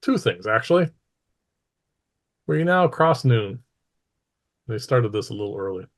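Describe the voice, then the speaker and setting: A man's voice: medium pitch, big pitch swings, measured pace. A man narrating casually as game master of a tabletop game.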